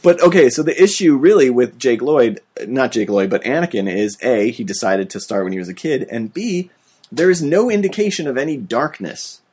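A man's voice: mid-range voice, expressive, moderate pace, darkish tone, slightly rough. A man hosting a casual podcast, talking about films in a rambling, profane way. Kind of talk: casual film chat.

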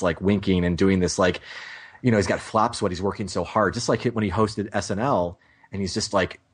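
A man co-hosting a casual movie review podcast, talking in an animated, rambling way and breaking off his own sentences. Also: on the low side, breathy edge. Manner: animated, rambling, self-interrupting. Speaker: podcast co-host.

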